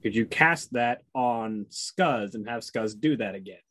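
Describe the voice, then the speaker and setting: A man's voice: medium pitch, a little slow, fairly bright tone, no echo, rough recording. A man at a tabletop game who talks in a casual, matter-of-fact way. He keeps checking how the rules work as he plays. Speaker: player.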